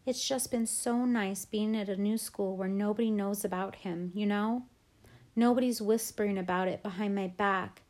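A tearful, defensive teenage girl, as a woman reading an audiobook puts her on. She speaks in a lowish voice through her tears, apologising and pleading. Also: a little mellow, natural voice. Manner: defensive, then sobbing and pleading.

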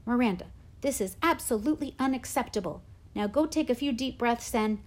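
A woman voicing a hot-tempered middle-aged male school drama director, loud and exasperated in a storybook reading. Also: a little high, lively intonation, a little fast, voice pushed up, natural voice. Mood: outraged.

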